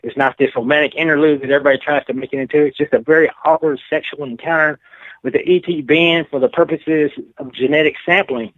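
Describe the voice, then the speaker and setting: A man's voice: a little high, fairly even intonation, fast talker, dry recording. A man from Texas, telling his story as an interview guest in a frank, rambling way, full of "you know". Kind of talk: casual storytelling. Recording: tinny phone line.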